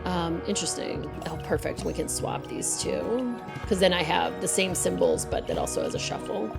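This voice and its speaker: A woman's voice: lowish voice, huge pitch swings, normal speed, vocal fry, loud music behind the voice. A woman streaming a game live, chatting and thinking aloud with many fillers.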